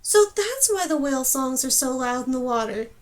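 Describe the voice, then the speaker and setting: A stubborn young girl with wild magic in a fantasy audiobook, voiced by the woman reading it. She talks plainly and bluntly in a high voice. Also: expressive, normal speed.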